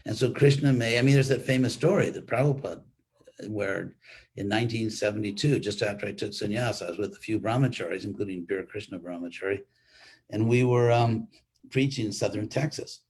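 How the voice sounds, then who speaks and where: A man's voice: fairly low pitch, darkish tone, slightly rough. An older man teaching a live spiritual class, talking informally with restarts and wry humor as he tells a story. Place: online class stream.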